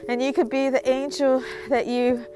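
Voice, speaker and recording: Rambling, talky woman with a higher voice. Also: little pitch movement, moderate pace, mellow, soft background music. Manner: rambling, conversational, full of "you know" and "like". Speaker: vlogger giving advice. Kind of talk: casual advice monologue.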